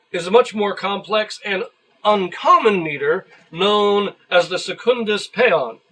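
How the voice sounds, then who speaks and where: Delivering earnest solo commentary for a YouTube video, a man explains his views and turns emphatic and heated when he disagrees. He has a high, somewhat bright, husky voice, captured in a low-quality recording.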